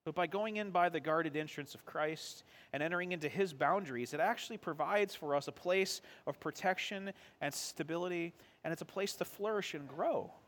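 A man's voice: a little high, normal speed, a bit bright. A man pastor preaching a sermon in a conversational way, asking the congregation questions and answering them himself.

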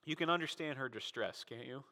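A man preaching a sermon as pastor, talking conversationally, often adding "right?", and dramatizing quotes with sudden swings in loudness. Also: medium pitch, fairly quick. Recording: long reverb of a large hall.

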